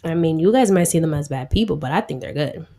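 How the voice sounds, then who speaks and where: A woman's voice: deep voice, expressive, fast, warm tone. Samson, a stubborn young man , voiced by a woman. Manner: stubborn, offhand. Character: headstrong young man wanting a wife.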